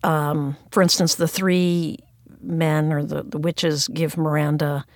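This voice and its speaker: A woman's voice: low-pitched, little pitch movement, takes it slowly, dry recording, clean studio sound. A woman interviewer asking a writer thoughtful and enthusiastic questions. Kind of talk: interview conversation.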